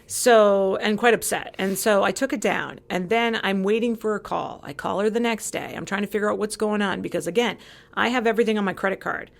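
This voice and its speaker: A woman's voice: mid-range voice, a little fast, vocal fry. A woman from California, a podcast guest, telling a story animatedly and acting out both sides of each exchange. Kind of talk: casual chat.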